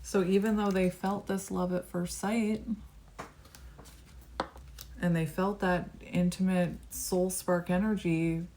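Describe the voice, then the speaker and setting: A woman giving a tarot reading to the camera, musing card by card in a reflective, conversational way. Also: medium pitch. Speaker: tarot reader.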